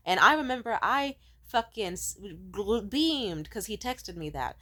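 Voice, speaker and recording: A woman in her twenties telling personal stories casually to the camera, swinging from loud excitement to soft, low asides and swearing freely. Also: normal speed, hardly any pauses. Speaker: vlogger.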